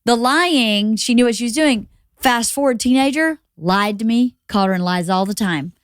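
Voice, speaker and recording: A woman's voice: a little high, moderate pace, dry recording, studio quality. Earnest, reflective mother on a podcast. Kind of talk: casual podcast chat.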